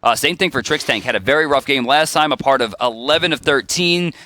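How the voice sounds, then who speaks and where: A man's voice: medium pitch, brisk, sharp tone. A man giving color commentary on an esports match in chatty, joking banter. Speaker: esports analyst.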